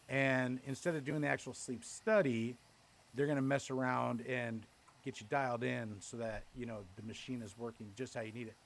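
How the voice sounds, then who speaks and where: A man's voice: mid-range voice, a little fast. A man on a podcast telling a long story in casual chat, swearing freely and acting out both sides of the conversation. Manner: animated, profane, retells with quoted dialogue. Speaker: podcast host.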